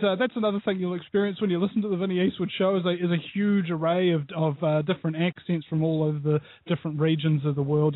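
A New man with a fairly high voice rambles through opinions as a guest on a call-in interview, animated and digressive. He comes through a tinny, phone-like internet call line. The sound is bone dry, with no room around it. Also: dry recording. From New Zealand. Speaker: guest, radio show host. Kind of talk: call-in interview over Skype.

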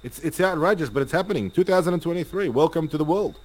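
A man's voice: on the high side, animated, rough recording. A man hosting a live stream, reading viewer comments and listing points with many fillers. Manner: rapid, repetitive listing, hesitant fillers. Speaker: livestream host.

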